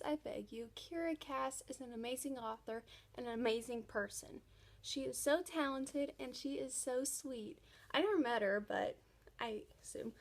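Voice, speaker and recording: A young woman vlogging casually about a book series she loves, gushing with enthusiasm. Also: on the high side. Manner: gushing, enthusiastic fan talk. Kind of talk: casual chat.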